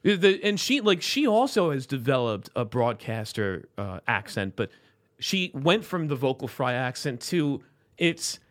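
Animated talk show host. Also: male voice, medium pitch, measured pace. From South Florida. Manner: animated, rambling with restarts. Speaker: podcast host. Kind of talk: casual chat.

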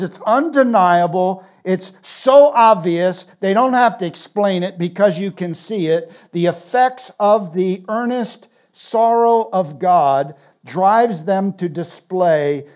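A man preaching a sermon in an earnest, emphatic way, building on repeated phrases and dropping to a soft, intense tone. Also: a little high.

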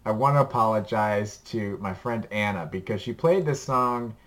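Rambling, enthusiastic low-voiced man. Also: normal speed, fairly bright tone. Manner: enthusiastic, rambling, laughs often. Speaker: podcast co-host giving a music recommendation. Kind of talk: casual chat.

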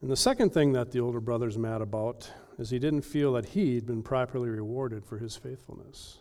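A male pastor preaching an earnest sermon with emphatic delivery and dramatic pauses. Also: mid-range voice, darkish tone.

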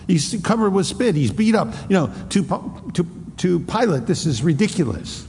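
A man preaching an expository sermon, acting out the Bible dialogue in a raised voice and dropping to a hushed tone on solemn lines. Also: mid-range voice, animated, moderate pace, hardly any pauses, husky, in a large hall. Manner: acts out the dialogue between Pilate and Jesus in a raised voice. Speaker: pastor.

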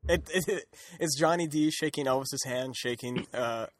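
A man's voice: medium pitch, moderate pace. A man co-hosting a podcast, recapping a comic with a laugh and acting out quotes. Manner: laughing, playful, acts out quotes. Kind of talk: casual comedic chat.

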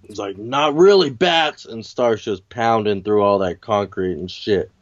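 A man's voice: on the low side, fairly even intonation, normal speed, no room sound, dull audio. A man in casual chat about a comic book, laid-back and profane.

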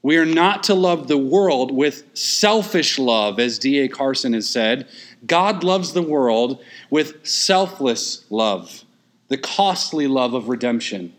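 A man preaching an expository sermon, emphatic and repeating key phrases, with quick asides and sudden pushes of emphasis. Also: mid-range voice, animated, fairly bright tone.

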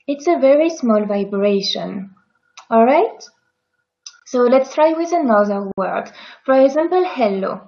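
A woman's voice: on the high side, expressive, slow pace, dull audio. A woman with a French accent, a native French speaker, teaching pronunciation patiently and demonstrating words. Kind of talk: pronunciation lesson.

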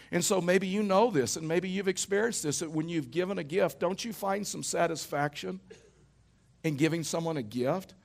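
A middle-aged male pastor delivering a sermon, with a voice pitched a bit above the usual for a man. He speaks conversationally, drifting into everyday stories and checking in with the congregation through rhetorical questions. The setting is a church service. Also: creaky.

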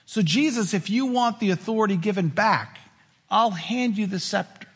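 A man's voice: high-pitched, normal speed, husky. A man voicing a scheming male devil who coaxes and tempts, in a reverberant hall. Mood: coaxing. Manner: coaxing, persuasive.

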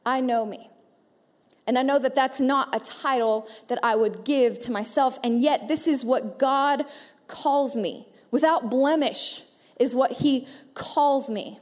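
A woman in her thirties, a pastor, preaches a sermon in a church auditorium, playfully joking with the congregation and throwing in animated asides. Her voice sits high and she speaks slowly, with the sound echoing through the reverberant hall.

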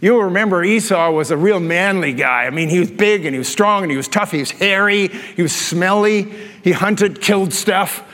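An older man preaching a conversational sermon as a pastor, animated and telling stories with self-deprecating asides. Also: high voice, moderate pace. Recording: long reverb of a large hall.

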